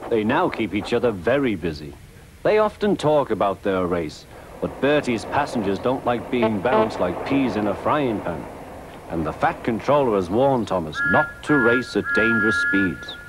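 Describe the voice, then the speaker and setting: A man narrating a children's storybook in a lively, expressive, confiding way. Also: fairly low pitch, very noisy. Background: loud music.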